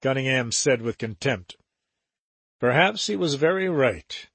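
A man narrating an adventure novel in a measured, steady way. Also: mid-range voice, slightly rough, dry recording. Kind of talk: audiobook narration.

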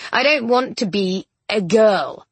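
A fretful ghost living in an old king's body whines and digs in his heels, as a woman narrator plays him. The voice rides higher than the narration, husky and close. The storybook read is dry. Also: animated, slow, no echo, full character voice. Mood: doubtful. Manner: whiny, stubborn.

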